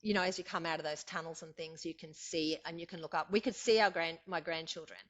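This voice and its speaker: A woman's voice: low voice, fairly even intonation, fast. An older Australian woman telling her story as a guest, chatty and rambling with fillers and frequent laughter. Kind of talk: casual storytelling interview. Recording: dull lo-fi audio.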